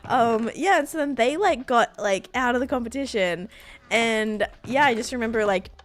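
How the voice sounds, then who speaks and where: A woman live streaming a game, excitedly thanking viewers and rambling through stories with lots of fillers. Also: a little high, normal speed. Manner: rambling storytelling with many fillers. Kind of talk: casual live-stream chat while gaming.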